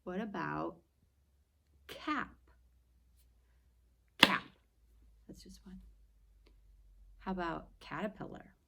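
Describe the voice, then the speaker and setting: Speaking in a lowish voice over very heavy noise, a woman teacher patiently and clearly sounds out words at a slow pace, teaching phonics to young early readers.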